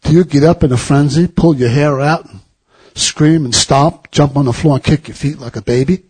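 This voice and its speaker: A middle-aged man with a husky, slightly raised voice preaches to his congregation. He tells a personal travel story in an easy, anecdotal way, then presses his point home with fervent repeated questions. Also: on the high side, normal speed, darkish tone. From United States. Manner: anecdotal, rising to fervent exhortation. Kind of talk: storytelling sermon.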